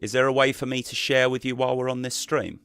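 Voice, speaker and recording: A man with a relaxed, rambling way of talking, chatting casually as a guest on a live stream over a call mic. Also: medium pitch, fast, clean tone, no echo, soft background music. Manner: relaxed, rambling, many fillers and restarts.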